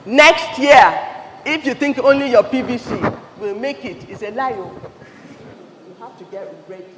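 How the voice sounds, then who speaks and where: A man's voice: extremely high pitch, unhurried, background noise. A man with a Nigerian English accent giving a fiery motivational address at a conference, firing questions at the audience. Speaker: conference speaker. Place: large event hall. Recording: long hall reverb, faint ambience.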